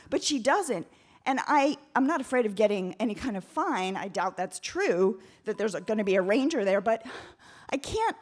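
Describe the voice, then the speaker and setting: A woman from Oakland tells a comic personal story live on stage. Her voice sits high, and her delivery is candid and wry. She gets more animated as the story builds. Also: moderate pace. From Oakland, United States.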